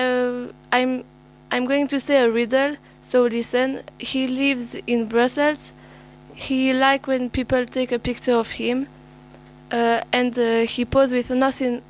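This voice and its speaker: A woman's voice: sits high, low-quality recording. A teenage girl introduces herself to pen pals in careful learner's English with fillers. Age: teens. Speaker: student.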